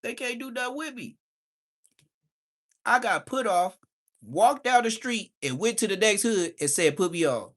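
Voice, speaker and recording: Unhurried and pausing often, this man's high-sitting voice carries his livestream as he relaxes into street stories. He animates each tale by imitating the people he quotes.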